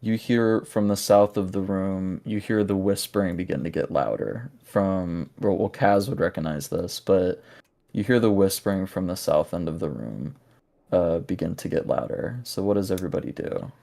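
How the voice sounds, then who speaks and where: A man narrating a tabletop game as game master, halting and searching for words with many fillers. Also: deep voice, gravelly, dark tone.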